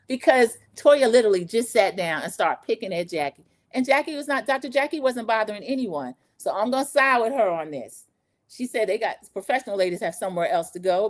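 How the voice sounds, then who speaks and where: A woman hosting a casual reality show recap, chatty and lively, acting out the quotes she retells. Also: mid-range voice. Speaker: recap podcast host.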